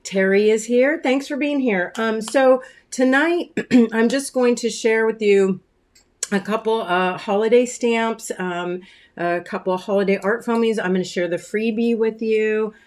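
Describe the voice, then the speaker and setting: A woman hosting a casual craft-studio livestream, greeting viewers by name with chatty, friendly talk and frequent ums, clearing her throat now and then. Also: fairly high pitch, unhurried, darkish tone. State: throat-clearing, choked up after dinner. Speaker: craft shop owner hosting a weekly livestream.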